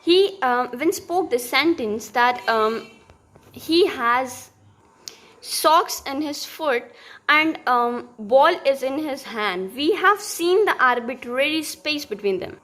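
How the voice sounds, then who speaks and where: A woman's voice: high-pitched, lively intonation, slow, a bit bright. A young woman giving a recorded linguistics lesson, explaining step by step with many fillers and restarts. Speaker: teacher.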